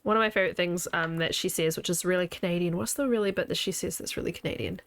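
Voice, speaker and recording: A woman's voice: fairly low pitch, quick pace, gravelly, no echo. A woman game streamer chatting casually with her viewers as she plays, playful and laughing often. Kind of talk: casual chat while playing a video game.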